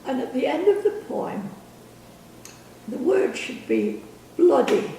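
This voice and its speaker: An older woman telling family stories in a halting, chuckling way, losing her thread now and then. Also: high-pitched, huge pitch swings, vocal fry, mellow, a little hiss or hum. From England. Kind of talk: casual storytelling. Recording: echoey room from a distance.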